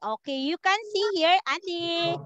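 A woman's voice: very high voice, measured pace, bright, forceful tone, dry recording, dull audio. A woman English teacher giving an online one-to-one grammar lesson, speaking patiently and repeating words for her learner.

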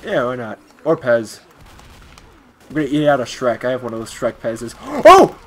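A man playing a video game with a friend, excitable, often laughing and shrieking. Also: mid-range voice, moderate pace. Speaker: gamer. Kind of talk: casual gameplay chat.

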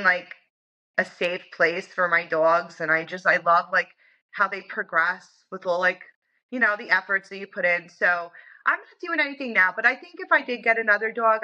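A woman's voice: medium pitch, sharp tone, muffled recording. A woman guest in a casual interview, talking in a chatty way full of "like" and "you know". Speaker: interview guest, dog owner.

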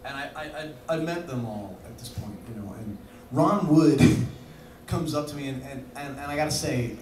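A man of middling pitch spins a rambling, laughing story on stage, packed with "like" and "you know". The sound is distant and echoey in a bar venue, with steady noise around it. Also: normal speed. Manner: rambling and laughing, full of fillers. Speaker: musician telling a story on stage. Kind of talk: live anecdote. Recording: echoey live room from far off with noise.

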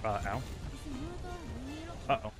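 A man's voice: slow, loud music behind the voice. A man streaming a speedrun live, commenting on his gameplay and venting in frustrated rants. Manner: frustrated ranting, venting at the game.

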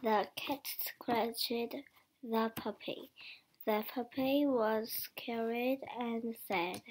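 Woman, English learner, reads her own story aloud; very slow, halting, slightly high voice, some words half-whispered. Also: fairly even intonation, slight background noise. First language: not English. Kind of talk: reading a short story aloud.

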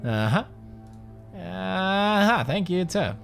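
A young man plays through a horror game, joking and swearing as he goes. His pitch sits a touch high and jumps around, sliding from low grumbles to startled yelps, with faint game music under his voice. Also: big pitch swings, slow, vocal fry, fairly bright tone. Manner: jokey, swears a lot, swings from mutters to frightened yelps. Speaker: gaming commentator. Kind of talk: let's play commentary.

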